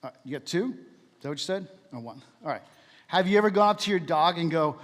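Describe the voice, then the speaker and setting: Man, pastor, conversational and jokey, fairly high voice, long hall reverb. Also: expressive, quick pace. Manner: conversational, jokey, asks the room questions. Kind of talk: casual church talk.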